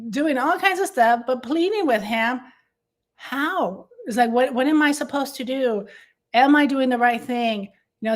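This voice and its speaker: Woman guest, raised pitch, earnest testimonial delivery, halting restarts. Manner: earnest and heartfelt, with frequent restarts. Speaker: guest, business consultant and co-host. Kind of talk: faith-based conversation, personal testimony.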